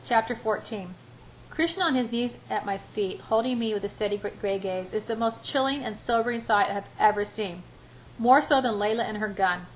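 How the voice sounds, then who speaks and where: A woman's voice: medium pitch, slight background noise, poor audio. Older woman reading a novel aloud. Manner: unhurried, with small slips and restarts. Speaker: reader. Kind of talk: amateur audiobook reading.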